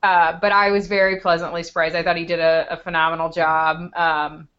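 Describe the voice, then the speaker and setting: A woman's voice: on the low side, flat delivery, fairly quick, a bit bright, clean tone, lo-fi sound. A woman co-hosting a podcast, chatting frankly and casually about a movie and laughing easily. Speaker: podcast co-host. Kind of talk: casual movie review chat.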